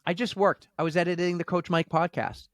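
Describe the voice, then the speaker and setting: A man with a slightly high voice tells a long story in an easy podcast chat. He brings the tale to life by acting out the voices of the people in it. The sound is dry and close, with no room around him. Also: fairly quick, dry recording. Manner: animated storyteller, acts out quoted voices. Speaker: podcast co-host.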